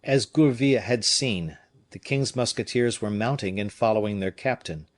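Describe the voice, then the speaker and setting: Male audiobook narrator, steady and measured, classic-novel reading. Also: fairly low pitch. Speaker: audiobook reader.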